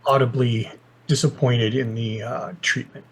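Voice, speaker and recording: A man running a tabletop roleplaying game as game master, calmly advising the players. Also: medium pitch, a little slow, husky, rough recording.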